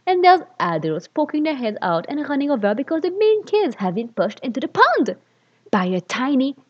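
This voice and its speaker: A woman reading fan fiction aloud, stopping for sarcastic, sweary asides about the text. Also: fairly high pitch. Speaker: reader. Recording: dull lo-fi recording.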